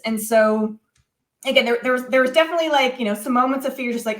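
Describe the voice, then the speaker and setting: A young woman chats as an interview guest, her voice sitting a little high and her stories spilling out with plenty of ums and you-knows. The room around her rings with a noticeable echo. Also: fast. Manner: animated, many fillers like "um" and "you know". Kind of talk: casual interview storytelling. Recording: echoey room.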